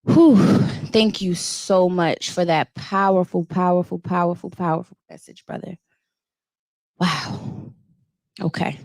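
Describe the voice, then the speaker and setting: A woman emcees a community event, responding appreciatively to a speaker and then reciting a poem. She speaks slowly and reflectively. Her voice is captured close and dry, with no room echo. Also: fairly low pitch. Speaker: event host.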